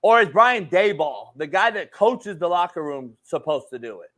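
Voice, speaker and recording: A man's voice: high-pitched, big pitch swings, moderate pace, fairly bright tone. A man hosting a sports talk show, ranting profanely and calling people homie. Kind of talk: heated sports debate.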